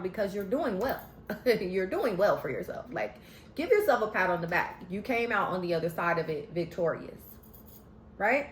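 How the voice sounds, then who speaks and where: A woman's voice: fairly low pitch, normal speed. Sassy woman vlogger in a roomy room. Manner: sassy, animated, talks straight to viewers. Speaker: vlogger recapping a TV show. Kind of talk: casual recap commentary. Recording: roomy echo, faint background hum.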